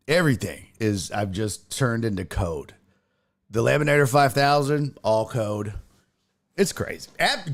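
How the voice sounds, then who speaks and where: A man hosting a casual sports live stream, reading viewer comments and ranting with profane, exasperated outbursts that break into yelling. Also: mid-range voice.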